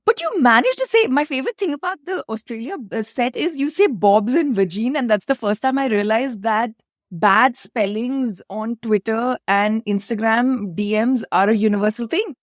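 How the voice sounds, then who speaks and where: A woman from India with an Indian English accent, talking through her questions in a thoughtful, measured way. Her voice sits fairly high, and the sound is dry and close to the mic. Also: no echo. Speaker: host, economics professor. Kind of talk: interview conversation.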